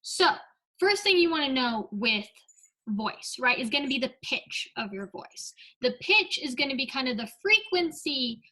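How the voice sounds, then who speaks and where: Young female speech coach, high and bright, upbeat and explanatory. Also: big pitch swings, moderate pace, low-quality recording. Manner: upbeat, explanatory, checks in with "right?" and "okay?". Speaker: speech and debate presenter. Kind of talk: instructional talk with comic asides.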